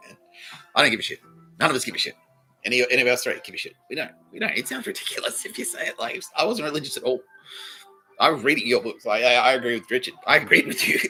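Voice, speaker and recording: A man's voice: mid-range voice, sharp tone, low-quality recording. An Australian man hosting a comedy podcast, rambling through a profane monologue and laughing mid-sentence.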